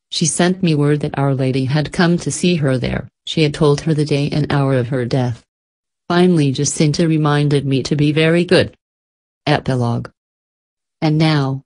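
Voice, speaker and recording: Low-voiced woman reading an audiobook. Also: darkish tone. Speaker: audiobook narrator. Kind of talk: scripted narration.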